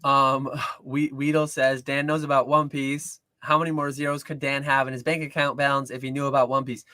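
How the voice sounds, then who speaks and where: A man's voice: medium pitch, little pitch movement, fairly quick, bright, forceful tone, dry recording. A man co-hosting a casual livestream, explaining at length with lots of restarts and filler words. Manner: rambling with frequent restarts and "like"; earnest explaining. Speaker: co-host of a card-collecting livestream.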